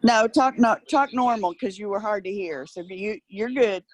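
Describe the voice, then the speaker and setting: A woman's voice: medium pitch, moderate pace. A woman co-host bantering casually on a podcast. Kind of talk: casual chat.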